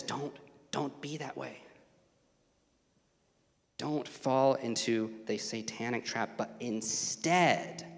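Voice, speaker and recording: A man preaching a sermon as a guest preacher, animated, building to raised emphatic passages and dropping to hushed asides. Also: mid-range voice. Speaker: guest preacher, student ministry director. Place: church sanctuary. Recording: long church hall reverb.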